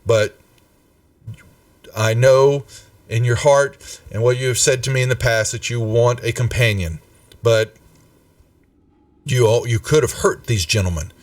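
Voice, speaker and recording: A man voicing a stern, motherly woman who scolds her wayward ward slowly and firmly. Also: mid-range voice, no echo, far from the mic, close to an everyday voice. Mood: earnest scolding. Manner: slow, firm, scolding.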